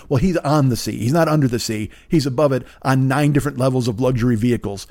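A man in his fifties hosting a podcast, rambling in a casual, profane monologue with sarcastic asides and a smooth voice. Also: medium pitch, fast, hardly any pauses, a little mellow. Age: 50s. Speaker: podcast host.

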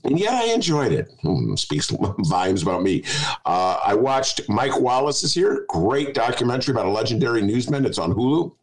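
Animated, wry man hosting a chat show. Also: medium pitch, normal speed, low-quality recording. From United States. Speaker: host. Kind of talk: casual podcast chat.

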